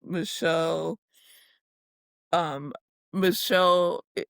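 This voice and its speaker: A woman co-hosting a podcast in casual chat, animated and laughing, swearing freely and acting out quotes. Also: lowish voice, drawn-out words, creaky, no echo, clean studio sound. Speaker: podcast co-host. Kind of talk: casual chat recapping reality TV.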